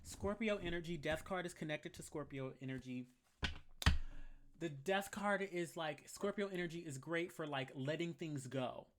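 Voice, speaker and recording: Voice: mid-range voice, normal speed, a little hiss or hum. Sassy tarot reader doing a live reading, blunt and slangy, keeps repeating lines to hammer them home. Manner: repeats key phrases for emphasis; answers live chat comments mid-reading.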